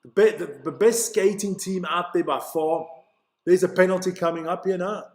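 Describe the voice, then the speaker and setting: Man from Switzerland, live play-by-play, chatty and excitable, high voice, echoey room. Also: moderate pace. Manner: chatty, excitable, stumbles over names. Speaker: live-stream commentator. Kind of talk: casual live play-by-play commentary.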